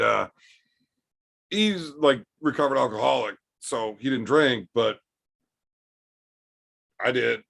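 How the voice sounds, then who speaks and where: A man's voice: mid-range voice, creaky, a bit bright. A middle-aged man hosting a livestream chat, telling a rambling, profane story while a bit tipsy. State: drinking, tipsy. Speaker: livestream host reading chat.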